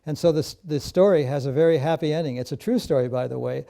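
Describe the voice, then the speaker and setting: Brief: man recounting a memory, measured and warm-toned, dark voice. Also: a little high, creaky. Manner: measured storytelling with fillers. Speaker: devotee recalling memories. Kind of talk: personal reminiscence.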